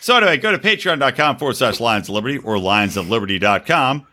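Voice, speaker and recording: Drunk male podcast host, animated and bright, loose and rowdy. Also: mid-range voice, quick pace. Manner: boisterous, slightly slurred. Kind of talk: casual drunk banter.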